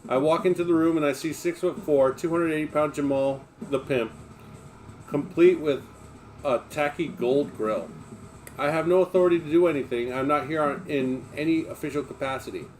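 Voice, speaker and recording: A man's voice: fairly high pitch, moderate pace, darkish tone, slight background noise. A man reading a memoir aloud on a livestream, in an emphatic, blunt manner with plenty of swearing.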